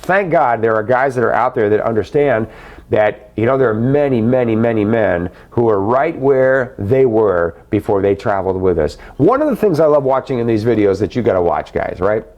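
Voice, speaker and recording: A man's voice: mid-range voice, lively intonation, normal speed, darkish tone, muffled recording. A middle-aged man hosting a live webcast, answering viewer questions in a chummy, effusive way. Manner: effusive, repeats words for emphasis.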